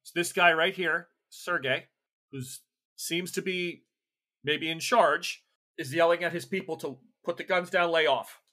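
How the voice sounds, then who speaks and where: A man's voice: a little high, unhurried, pushed and bright. A man narrating a tabletop game as game master, loose and chatty with many restarts.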